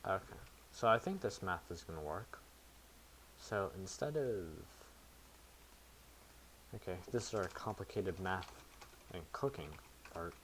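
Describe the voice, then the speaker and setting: Low-voiced man thinking aloud while coding. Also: animated, a little slow, long pauses, fairly bright tone, slight background noise. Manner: thinks aloud, self-mocking asides. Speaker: programmer streaming to chat. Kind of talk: casual live coding commentary.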